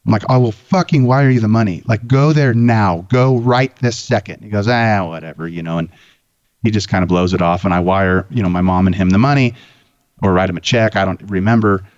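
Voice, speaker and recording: A man, a guest on a talk show, telling a casual story in an animated, swearing way. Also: lowish voice, brisk, no echo, highs cut off. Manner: animated, profane anecdote-telling. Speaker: guest, Jeep owner.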